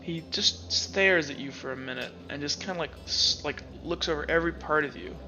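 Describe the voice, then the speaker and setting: A man narrating as game master of a tabletop role-playing game, slow and deliberate, with clear music playing behind him. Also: fairly high pitch, bright, forceful tone, dull audio, a little hiss or hum.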